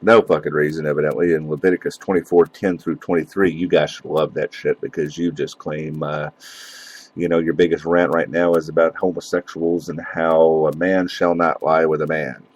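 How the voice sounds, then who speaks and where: A man's voice: extremely low pitch, little pitch movement, normal speed, no echo, rough recording. A man hosting a solo podcast, talking in a loose, rambling way that is profane and mocking. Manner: loose and rambling with many fillers. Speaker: podcast host. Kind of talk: casual solo podcast rant.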